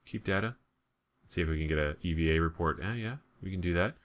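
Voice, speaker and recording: Speaking quickly in a deep voice, this man from the United States rambles through his gameplay with joking asides. His accent is General American, and he's a let's play gamer.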